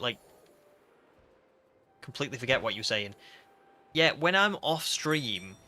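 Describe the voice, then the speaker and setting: A man's voice: medium pitch, sharp tone. A British man chatting casually on a game stream, rambling with fillers as he reads chat aloud.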